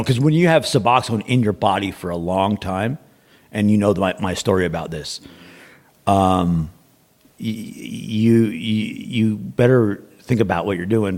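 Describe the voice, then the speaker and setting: Podcast guest, male, low and gravelly, loose rambling storyteller. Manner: rambling, repeats words, quotes others in dialogue. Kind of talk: casual storytelling.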